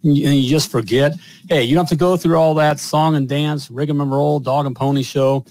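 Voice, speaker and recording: Brief: loud, bragging male podcast host, slightly high voice, dead-dry studio sound. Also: fairly even intonation, brisk, dry recording, rough recording. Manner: boastful, hyped, repetitive fillers. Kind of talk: energetic podcast hosting with sponsor read.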